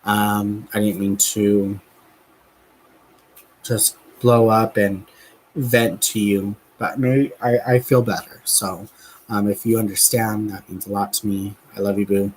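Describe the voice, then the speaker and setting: A man's voice: lowish voice, flat delivery, measured pace, slight background noise, poor audio. A man telling a rambling, giggly story to his viewers in a casual vlog, with lots of fillers and restarts. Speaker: vlogger. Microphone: camera mic while crafting.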